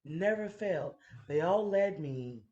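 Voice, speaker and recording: A woman's voice: lowish voice, lively intonation, measured pace, darkish tone, dull audio, a little hiss or hum. A woman in her thirties telling a frank, profane story on a casual chat show. She laughs often and talks in a playful way. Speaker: podcast host telling a story.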